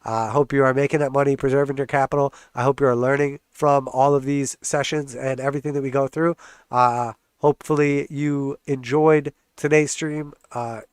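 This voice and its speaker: A man with a blocked, stuffed-up nose hosts a live chart-analysis stream, chatting casually and throwing in jokes. His voice stays smooth despite the congestion, recorded close with no room sound. He sits at a middle pitch. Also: steady tone, normal speed, dry recording. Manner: casual, joking, hype-man cheering on charts. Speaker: trading channel host.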